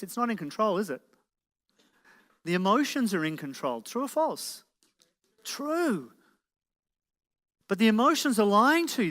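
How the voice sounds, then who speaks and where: A man's voice: sits high, a bit bright. A man giving a live motivational presentation, peppering the audience with rhetorical questions. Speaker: motivational speaker. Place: event hall with an audience. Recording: reverberant hall.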